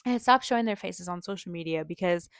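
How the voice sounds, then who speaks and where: A young woman with a fairly low voice hosts a podcast, speaking quickly over clean studio sound with no room echo. She tells a personal story casually and earnestly, chatty and openly emotional, packing in lots of "like" and "um" and frequent small laughs.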